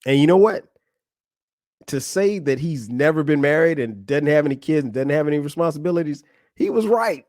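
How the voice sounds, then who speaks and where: A man's voice: fairly high pitch, animated, a little fast, a little mellow, no echo, studio quality. A man in his forties hosting a podcast, talking casually and frankly about marriage, laughing often and speaking straight to a friend. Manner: conversational, laughing often, addressing a friend directly. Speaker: podcast host. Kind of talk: casual advice monologue.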